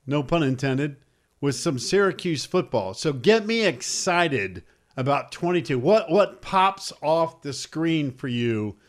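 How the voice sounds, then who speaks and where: A man's voice: on the high side, expressive, unhurried. Wry man hosting a sports radio show. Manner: wry, joking, filler-laden delivery.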